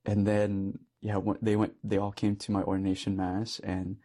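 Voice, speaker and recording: Low-voiced young priest, earnest and easygoing. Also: male voice, completely flat delivery, normal speed, dark tone. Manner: earnest, easygoing storytelling with frequent light laughs. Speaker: Catholic priest. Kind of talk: personal story in a conversational interview.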